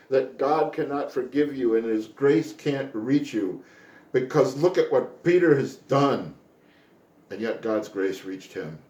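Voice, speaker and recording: A man's voice: medium pitch, animated, measured pace, a little mellow, reverberant. A man from the United States giving an earnest, reflective daily Bible devotional, pressing hard on his key points. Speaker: Bible teacher.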